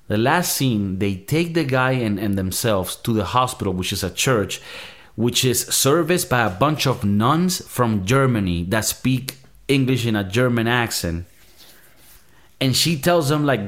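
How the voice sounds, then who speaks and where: A man's voice: fairly low pitch, normal speed. A man hosting a movie review show, ranting in a casual, profane, exasperated way.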